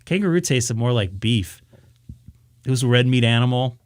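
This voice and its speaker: A man's voice: mid-range voice, normal speed, no room sound. A man on a ham radio live stream, casually telling a story and acting out his own reactions. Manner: animated, acts out his own reactions, many restarts.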